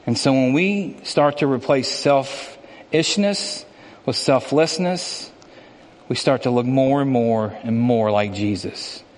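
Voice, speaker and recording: A man preaching a sermon in earnest, moving between hushed, slow passages and quick, impassioned ones. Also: medium pitch, big-room sound. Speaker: pastor.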